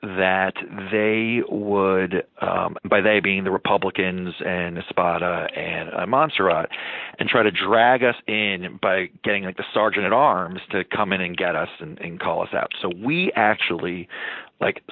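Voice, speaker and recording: A man's voice: sits low, steady tone, unhurried, vocal fry. A man state senator from Long Island recalling events in a rambling interview full of ums and you-knows. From Long Island, New York. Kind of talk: casual interview recollection. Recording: dry, phone-like line.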